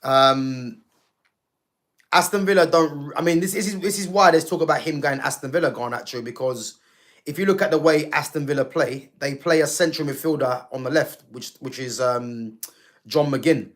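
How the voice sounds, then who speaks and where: A man's voice: fairly high pitch, moderate pace, a bit bright. A man hosting a casual football talk stream, chatty and conversational, with lots of fillers and asides to his viewers. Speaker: football channel host.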